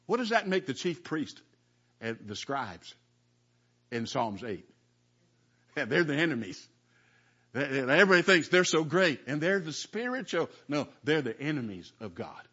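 A man preaching a sermon in an earnest, halting way, often repeating words as he reads and explains scripture. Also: a little high, fairly bright tone, breathy edge, highs cut off. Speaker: pastor.

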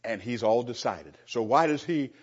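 A man's voice: medium pitch, animated, moderate pace, slightly rough, highs cut off. A man preaching informally to a Bible class, sarcastic and chuckling, speaking straight to the people in the room.

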